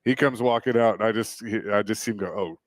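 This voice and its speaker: A man's voice: fairly low pitch, fairly even intonation, quick pace, no echo. A male radio host in casual banter, telling a rambling story into a studio microphone with chuckles.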